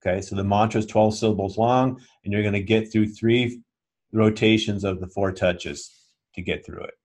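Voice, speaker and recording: Patient low-voiced male yoga teacher. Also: fairly even intonation, normal speed, a little mellow. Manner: patient, checks understanding often. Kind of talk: instructional class talk.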